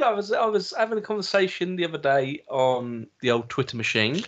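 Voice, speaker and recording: A man, co-hosting a casual podcast and telling a rambling story with halting restarts. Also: a little high, steady tone, fairly bright tone. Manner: rambling, halting anecdote with laughs. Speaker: podcast co-host. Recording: dull lo-fi recording.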